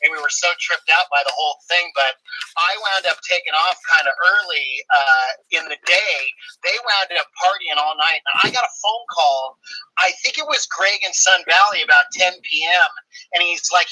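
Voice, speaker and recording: Bright-voiced man rambling over a call. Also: on the high side, moderate pace, a little hiss or hum, poor audio. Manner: rambling with many fillers and restarts. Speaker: guest. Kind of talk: casual chat.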